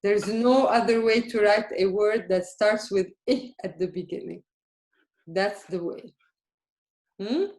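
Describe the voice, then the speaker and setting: In an echoey room, an Arabic teacher leads a live class for beginners, her medium-pitched voice darkish in tone. She speaks slowly and carefully, patiently questioning her students and checking often that they understand.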